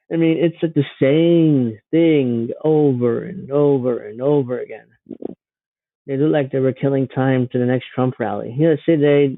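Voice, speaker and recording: A man's voice: mid-range voice, dry recording, narrow, tinny audio. A man hosting a livestream, giving sarcastic, rambling political commentary. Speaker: livestream host.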